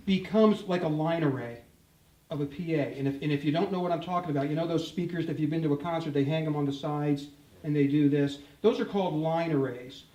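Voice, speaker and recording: An older man giving a joking, animated guitar demonstration talk, speaking directly to a live audience. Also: a little high. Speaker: guitar clinician. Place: store event room with audience. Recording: roomy, distant mic.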